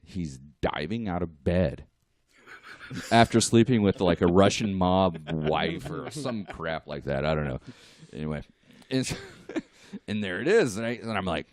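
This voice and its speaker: Low-voiced man telling a lively story. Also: measured pace, no echo. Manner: animated, laughing, acts out quotes. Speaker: artist guest. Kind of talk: casual storytelling.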